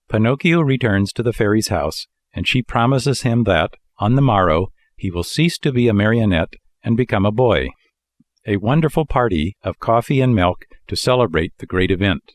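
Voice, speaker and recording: A man reading a children's audiobook with lively, expressive storytelling. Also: fairly low pitch, no echo, studio quality. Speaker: audiobook reader. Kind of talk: scripted narration.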